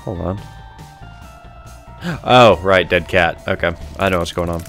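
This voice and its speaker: A man's voice: sits low, fairly even intonation, a little slow, fairly bright tone, faint music behind. A young man casually commenting on his own gameplay, rambling, correcting himself and laughing often, on a headset mic. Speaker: gaming video host.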